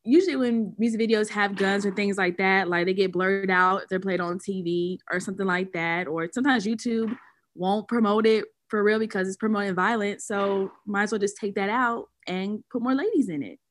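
A woman co-hosting a podcast, chatting casually in a relaxed, agreeable way with many fillers. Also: medium pitch, a little fast, no echo. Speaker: podcast co-host. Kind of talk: casual chat.

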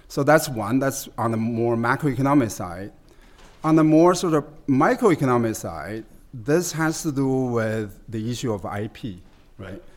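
A man as guest expert, explaining at length in a conversational interview, halting with many fillers and restarts. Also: mid-range voice, a little mellow.

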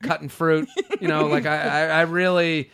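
A young man hosting a podcast, telling comic stories in casual chat and dropping low and quiet for asides. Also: normal speed, gravelly, clear, resonant tone. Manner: animated storytelling, drops low and quiet for asides. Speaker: podcast host.

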